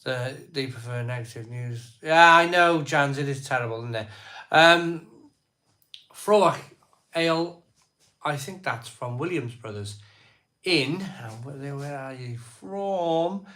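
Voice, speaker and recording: A man hosting a casual live stream, rattling off viewers' places and beers in quick lists as he reads their comments. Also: medium pitch, bright, forceful tone.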